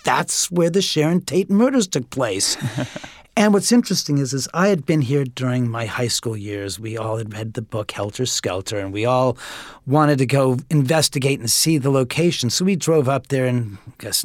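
A man's voice: medium pitch, expressive, normal speed, dry recording, studio quality. A man in his fifties from Los Angeles, a guest telling a long story and acting out the voices in it. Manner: chatty storyteller who acts out quotes. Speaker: interview guest.

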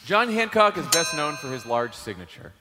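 A man telling a comic story as a quiz panelist, lively and laughing. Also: a little high, normal speed, long reverb tail, music in the background. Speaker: comedy panelist.

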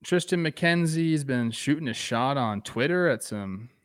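A man's voice: mid-range voice, lively intonation, measured pace. A man co-hosting a casual sports podcast, making laid-back, teasing remarks. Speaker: podcast co-host.

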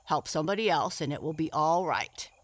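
A woman voicing a kindly, cheerful male tree frog in a storybook, speaking out loud and firm. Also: sits low, lively intonation, brisk.

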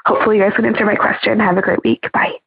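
A woman's voice: mid-range voice, fairly even intonation, very fast, creaky, slightly rough, no room sound. Tearful woman caller on a phone line. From Canada. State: emotional, near tears. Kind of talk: voicemail question.

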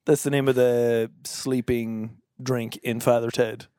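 A man's voice: mid-range voice, flat delivery, measured pace, mellow, smooth, no room sound, studio quality. A young man co-hosting a podcast, chatting casually and acting out silly voices with lots of giggling. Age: young adult. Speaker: podcast co-host. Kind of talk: casual chat.

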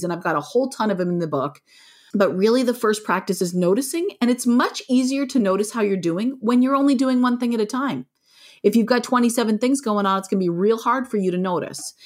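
Frank, animated woman author. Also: medium pitch, brisk. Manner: frank, animated, plainspoken with mild swearing. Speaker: guest, parenting author. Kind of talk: conversational interview.

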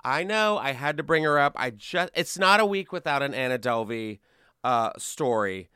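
A man's voice: medium pitch, expressive, moderate pace, pushed and bright, clean tone, no room sound, clean studio sound. A man hosting a comedy news podcast, chatting casually and sarcastically, often breaking into laughter. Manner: sarcastic, laughing, mocking voices. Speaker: podcast host.

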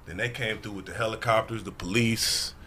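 A man's voice: on the low side, fairly even intonation, a little fast, pushed and bright. A man talking bluntly and profanely in a casual podcast chat.

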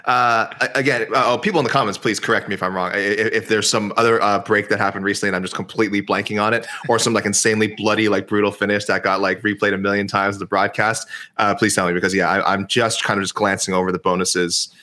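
A man's voice: fairly low pitch, little pitch movement, quick pace, sharp tone. A young man co-hosting a casual sports podcast, thinking aloud and often correcting himself. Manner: speculative, self-correcting, many restarts. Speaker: podcast co-host.

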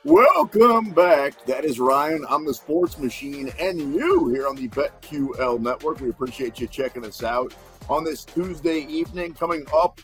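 A man hosting a sports betting show, playful and energetic, reading out odds and plugging the network. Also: medium pitch, moderate pace, faint music behind.

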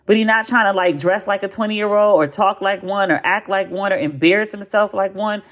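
An American woman in her forties hosts a podcast and chats casually in a blunt, animated way, with lots of profanity and emphatic repetition. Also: medium pitch, a little fast. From United States. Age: 40s. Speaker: podcast host. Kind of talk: casual chat.

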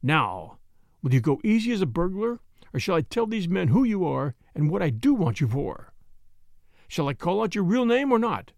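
A man doing a hard, hushed detective. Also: big pitch swings, moderate pace, vocal fry, no room sound, studio quality, heavily acted. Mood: menacing. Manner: low, hushed, clipped. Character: hard, exultant male detective, coolly in command. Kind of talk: audiobook character voice.

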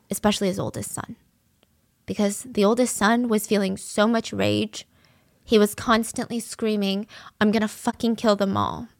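A woman's voice: mid-range voice, creaky, dry recording, studio quality. Indignant woman telling a true-crime story. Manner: indignant, animated retelling with fillers.

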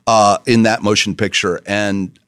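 A male co-host with a fairly low voice breaks in with quick, playful questions. The recording is dry and close to the mic. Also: little pitch movement, a bit bright, no room sound. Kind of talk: casual chat.

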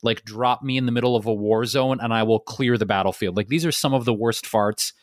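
A man in his forties co-hosts a podcast, spinning comic stories with lots of fillers and animated delivery. His voice sits mid-range, and the sound is dry and close. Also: medium pitch, fairly quick, dry recording. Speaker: podcast co-host. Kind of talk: casual comedic storytelling.

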